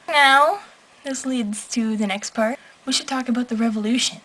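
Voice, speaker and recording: A woman's voice: fairly high pitch, expressive, moderate pace, fairly bright tone, slight background noise, low-quality recording. Gushing young woman on a night vlog. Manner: gushing, emotional, rambling with many "like"s. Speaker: vlogger. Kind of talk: late-night vlog rant. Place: at home at night. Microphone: camera.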